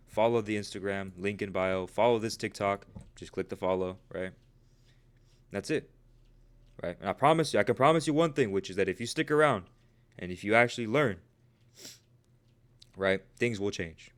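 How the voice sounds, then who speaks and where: A young man in his twenties chats casually on his own livestream, with a smooth, clear voice sitting a little low. He talks earnestly and keeps tagging his sentences with quick checks for agreement. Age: 20s. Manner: casual, peppered with "right?" and "bro"; earnest, motivational. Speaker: trading livestream host.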